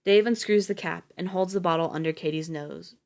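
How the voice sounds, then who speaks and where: Woman, story narration, steady, even, slightly low voice. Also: fairly quick, creaky. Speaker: audiobook reader on a livestream.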